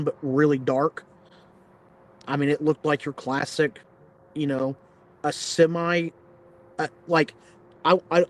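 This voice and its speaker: Podcast guest, blunt rambling storyteller, a touch high-pitched for a guy. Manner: blunt, plain-spoken; rambling, filler-heavy retelling. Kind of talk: casual storytelling.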